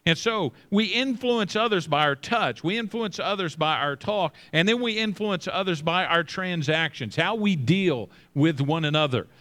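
A middle-aged male pastor preaching with emphasis, slowing down and repeating phrases, dropping his voice low for scripture. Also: expressive, a bit bright. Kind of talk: sermon.

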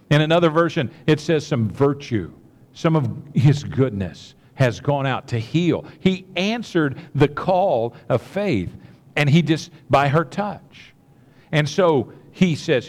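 A man preaching a sermon, telling a Bible story with animated energy and acting out the voices. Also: fairly high pitch, measured pace. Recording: long hall reverb.

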